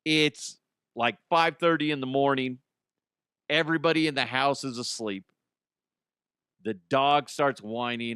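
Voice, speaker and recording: A man's voice: medium pitch, steady tone, measured pace, pauses often, a bit bright, clean tone, dry recording. A man hosting a comedic podcast, telling stories in a loose monologue, swearing often and laughing at his own jokes. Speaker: podcast host.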